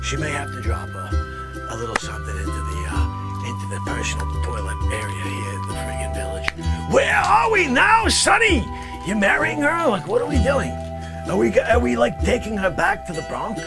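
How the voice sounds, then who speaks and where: A man voicing a brash, grumbling middle-aged guy from the Bronx, rambling complaints and bursting into shouts. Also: extremely high pitch, wildly swooping pitch, normal speed, creaky, voice pushed up, exaggerated voice. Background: music.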